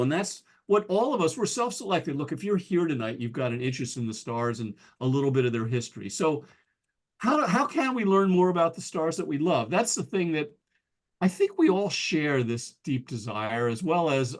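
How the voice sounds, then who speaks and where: An American man giving a casual, self-deprecating presentation to an astronomy club as a guest speaker, full of ums and restarts. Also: on the high side. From United States.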